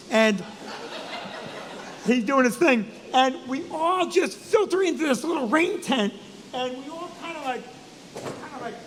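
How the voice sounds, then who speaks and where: A man, a comedian and co-host, telling a funny story in an animated, profane way. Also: very high voice, in a large hall, slight background noise. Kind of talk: comic storytelling.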